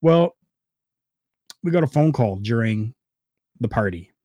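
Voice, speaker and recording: A man hosting a wrestling podcast in casual, heartfelt talk, jumping from loud bursts to quiet asides. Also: medium pitch, expressive, unhurried, no room sound, highs cut off. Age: adult, former wrestler. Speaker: podcast host.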